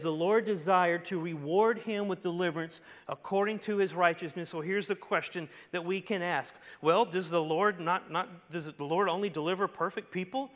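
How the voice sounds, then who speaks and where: A man with a high voice preaches a sermon and tells the story with drama, dropping to a hush and then rising to a shout. His voice rings out in a church sanctuary with a long reverb tail. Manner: dynamic storytelling, swinging from hushed to shouting. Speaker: pastor. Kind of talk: expository sermon.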